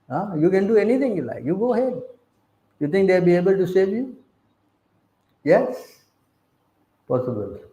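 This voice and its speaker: Emphatic preacher, quizzing the crowd. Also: male voice, a little high, darkish tone, echoey room, rough recording. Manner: questions the audience again and again. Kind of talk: sermon.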